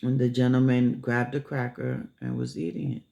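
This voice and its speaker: A man telling a story casually, unhurried, with many filler pauses. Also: mid-range voice, big pitch swings, creaky, mellow, lo-fi sound.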